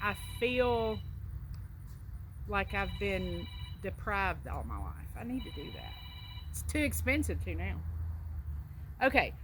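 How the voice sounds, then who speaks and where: A woman with a Southern US accent, a vlogger doing an accent tag, chats casually and tells stories with a laugh. Her mid-range voice is very animated and fairly bright, and she speaks slowly with long pauses. There's slight background noise.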